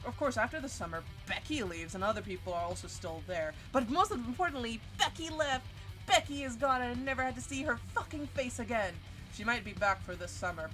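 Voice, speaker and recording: A woman in her twenties streaming, telling a story in a casual, animated and profane way. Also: a little high. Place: home streaming setup. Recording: stream audio with music underneath. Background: background music.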